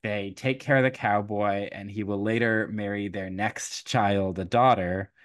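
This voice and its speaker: A young man hosting a podcast, casually retelling a folktale with lively quoted voices, laughs and fillers. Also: lowish voice. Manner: animated storytelling, quick quoted voices, frequent laughs and fillers. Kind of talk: casual chat.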